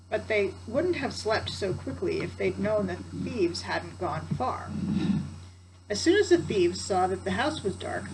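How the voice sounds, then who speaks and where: A woman's voice: mid-range voice, noisy background. Grandmother reading a storybook aloud. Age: older. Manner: warm chatty asides to the listener.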